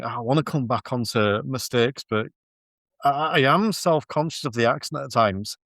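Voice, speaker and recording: A man with a Yorkshire accent hosting a podcast, relaxed and self-deprecating, laughing often as he chats. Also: mid-range voice, creaky, dry recording, studio quality. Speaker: podcast host. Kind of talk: casual chat.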